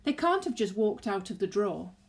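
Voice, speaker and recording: A woman's voice: medium pitch, big pitch swings, a little fast. A woman voicing a dramatic, easily upset mother who shrieks and wails, in a storybook reading. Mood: fretful. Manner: shrieking, wailing.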